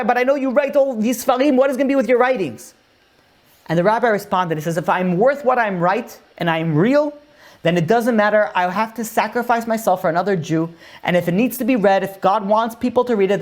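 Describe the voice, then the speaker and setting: A man, a rabbi giving a Torah lecture and telling a story with lively acted-out dialogue. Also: high-pitched. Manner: animated storyteller acting out dialogue.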